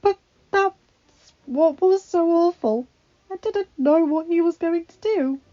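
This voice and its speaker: A woman voicing a frightened, gentle young heroine, tearful and pleading with shaky breath, in a storybook reading. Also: high voice, moderate pace, creaky, pitched above the performer's own voice. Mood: distraught. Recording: slightly dull, faint background music.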